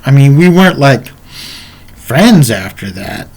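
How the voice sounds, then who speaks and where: A man's voice: mid-range voice, big pitch swings, unhurried, a little mellow. A man telling a personal story in a casual, rambling way, speaking to the viewer in asides, as a martial arts instructor.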